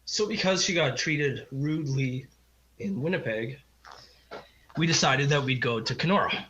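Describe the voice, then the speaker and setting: A man's voice: medium pitch, normal speed, pushed and bright, slight background noise. A middle-aged man, a podcast guest, telling a long personal story in a rambling, heartfelt way and acting out the people he quotes. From Canada. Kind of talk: casual storytelling interview. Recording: slightly dull lo-fi audio.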